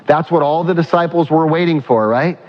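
A male pastor preaching a sermon. He asks the congregation questions, answers them himself, and slows down to stress key points. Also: fairly high pitch, muffled recording. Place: church.

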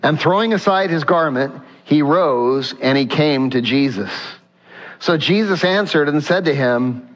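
A man preaches from the pulpit in an earnest voice, reading scripture aloud and pressing rhetorical questions on his listeners. His voice sits a little high for a man, and the sound is dull, carried on a long reverb through a church sanctuary. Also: a little slow. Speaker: pastor. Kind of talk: sermon.

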